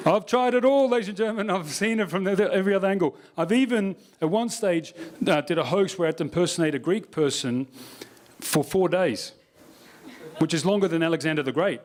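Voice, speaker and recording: Wry comedian on stage. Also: male voice, high-pitched, fairly quick. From Australia. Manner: wry, conversational, playful with the audience. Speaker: stand-up comedian giving a keynote. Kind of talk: stand-up comedy keynote. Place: live stage at a university event.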